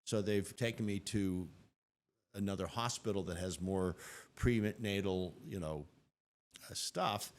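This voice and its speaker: An older man, a guest on an interview show, telling his story in an animated way and acting out what people said. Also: low voice, unhurried.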